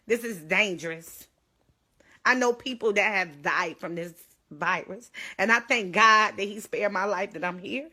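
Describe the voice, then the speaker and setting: A woman's voice: medium pitch, normal speed, bright, forceful tone. A young woman pleading urgently into her phone on a livestream, holding back tears. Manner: urgent, pleading, tearful at times. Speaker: livestreamer sharing her own illness.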